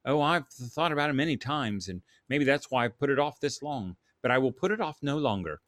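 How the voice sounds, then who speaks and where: A man's voice: mid-range voice, animated, brisk, fairly bright tone, dry recording, clean studio sound, voice pushed up, natural voice. A man reading a storybook aloud and voicing a troubled, driven Victorian writer who speaks with urgent, bitter intensity. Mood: determined.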